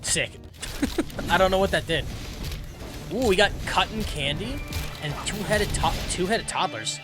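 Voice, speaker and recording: A man's voice: high voice, animated, a little slow. A man from the US streaming a video game, chatting casually with his viewers and reading game dialogue aloud. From United States. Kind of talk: casual gameplay commentary. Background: game music.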